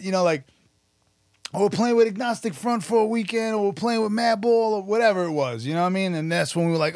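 A man, telling stories about his past in an animated, profane, casual interview. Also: sits high, quick pace, vocal fry, dry recording, clean studio sound. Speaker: podcast guest, musician and actor.

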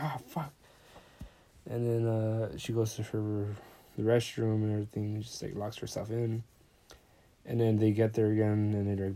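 Young dude podcasting, low mellow voice, rambly, swears a ton while retelling a movie. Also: male voice. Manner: rambling, swears a lot, quotes characters. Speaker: podcast host. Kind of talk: casual movie recap.

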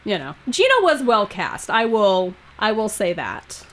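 A woman's voice: mid-range voice, wildly swooping pitch, measured pace. A woman co-hosting a podcast in casual chat, blunt and profane, mocking as she talks. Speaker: podcast co-host.

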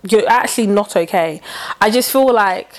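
A woman's voice: medium pitch, normal speed, rough recording. A woman co-hosting a podcast in casual chat, often laughing as she retells a story. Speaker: podcast co-host.

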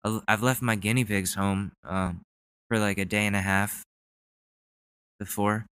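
A man's voice: on the low side, steady tone, a little slow, fairly bright tone, clean tone, no room sound. A young man hosting a podcast, chatting casually in a rambling, profane way. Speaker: podcast host. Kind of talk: casual chat.

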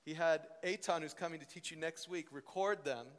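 A young man teaching at a ministry school, telling stories in an animated preaching style. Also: fairly high pitch, a little fast. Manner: animated storytelling, voice rising and falling with emotion. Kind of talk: sermon. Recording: long hall reverb.

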